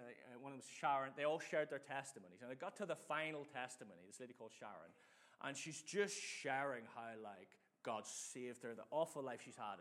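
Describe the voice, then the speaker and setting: A middle-aged man preaching a sermon in a lively, chatty way, telling personal stories and leading his audience in call-and-response. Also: medium pitch.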